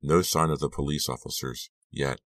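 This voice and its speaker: A man narrating an audiobook thriller in a steady, measured storytelling voice. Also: very deep voice, no echo. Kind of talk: scripted narration.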